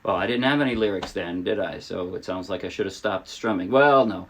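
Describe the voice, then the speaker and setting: A man's voice: fairly low pitch, a little fast, few pauses, loud music behind the voice. Man teaching ukulele, chatty. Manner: chatty, self-deprecating, demonstrates while talking. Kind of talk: casual tutorial talk. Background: ukulele playing.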